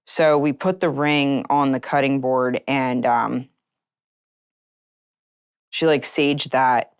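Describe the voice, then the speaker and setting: A woman's voice: a bass voice, fairly even intonation, slow, smooth, dry recording, studio quality. A woman telling her personal story in an interview, earnest and acting out remembered conversations. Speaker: interview guest.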